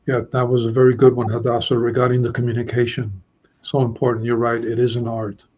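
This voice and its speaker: A man's voice: medium pitch, monotone, quick pace, a little mellow, slightly rough, lo-fi sound. A man hosting a Bible study discussion, chatty, reading verses aloud and putting questions to his listeners.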